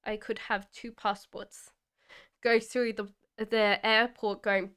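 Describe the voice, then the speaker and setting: Slow, smooth-voiced Australian woman. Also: on the high side. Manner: chatty, answers viewer questions with gentle reassurance. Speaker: tarot reader. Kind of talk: live stream card reading chat.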